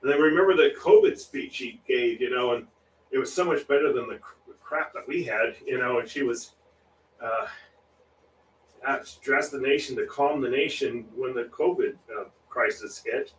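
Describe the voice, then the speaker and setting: A man's voice: medium pitch, normal speed, far from the mic. Rambling, chuckling man, a little off-mic in a roomy space. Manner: rambling and chuckling, with many restarts. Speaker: livestream painting host. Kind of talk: casual chat while painting. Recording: roomy echo, voice a little off-mic, faint room noise.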